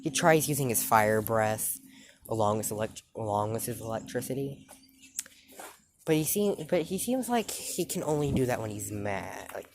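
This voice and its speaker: A man casually retelling his own fan story, rambling and halting with many fillers and restarts. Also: mid-range voice, expressive, music in the background.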